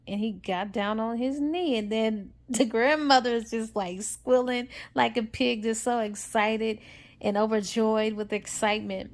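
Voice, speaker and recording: A woman's voice: a little high, steady tone, unhurried. A woman casually retelling a novel's plot for a book review, in a rambling, chatty way.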